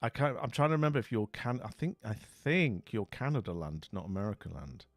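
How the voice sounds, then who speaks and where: A man's voice: fairly low pitch, animated, brisk, no echo. A man hosting a live stream in casual chat, jovial and rambling, greeting viewers with theatrical exclamations.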